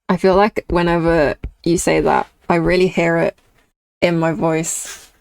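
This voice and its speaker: A young woman with a British accent talks through her drawing on a live art stream, answering chat and laughing often. Her voice sits a little low with a gravelly edge. The sound is dry and close. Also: little pitch movement, measured pace, no echo. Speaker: artist streamer.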